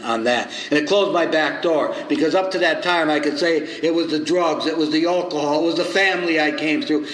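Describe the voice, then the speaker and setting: An older man in his seventies tells a story from the podium at a recovery meeting, and his voice sits a little on the high side. He acts out both sides of old conversations with lively swings. The sound carries the echo of a hall over a faint noise floor. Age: 70s. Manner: animated storyteller acting out both sides of dialogue. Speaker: recovery circuit speaker.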